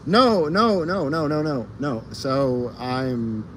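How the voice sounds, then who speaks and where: This streamer speaks slowly in a mid-range voice with big pitch swings, and background noise can be heard. Livestreaming from an outdoor fire escape, he rambles, swears casually, laughs frequently and trails off with um and uh.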